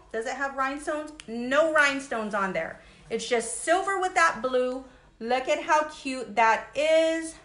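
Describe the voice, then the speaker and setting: A woman's voice: high-pitched, a bit bright, echoey room. A woman hosting a live jewelry sale, chatting casually and greeting viewers by name in an upbeat, friendly way. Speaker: jewelry seller hosting a livestream. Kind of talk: casual live sales chat.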